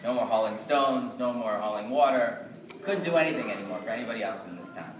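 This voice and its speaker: A male storyteller telling a folk tale aloud at a live synagogue gathering, lively and rhythmic with repeated phrases. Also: medium pitch, fast talker, crowd noise. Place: synagogue event. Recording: echoey hall from far off, noisy.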